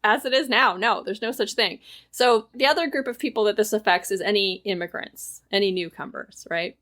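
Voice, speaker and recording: A woman's voice: medium pitch, a little fast, a bit bright. Chatty woman explaining things. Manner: chatty, explains at length with many fillers. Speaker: podcast co-host. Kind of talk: casual chat.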